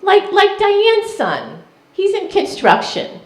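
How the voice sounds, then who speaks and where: A woman's voice: extremely high pitch, huge pitch swings, slow, pitched above the performer's own voice, full character voice. A woman voicing her elderly mother, a fussy, worried Jewish mother with a New York accent who nags and gives orders. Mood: nagging. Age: older. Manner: nagging, worried, bossy. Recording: echoey room, live crowd.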